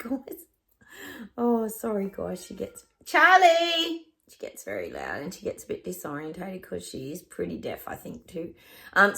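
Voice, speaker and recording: A woman's voice: fairly low pitch, creaky. A woman with an Australian accent, a psychic chatting casually to camera in a rambling way, often stopping to laugh.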